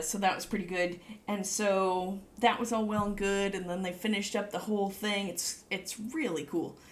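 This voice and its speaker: Rambling woman, high gushing over cute things. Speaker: vlogger. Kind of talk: casual show-and-tell chat.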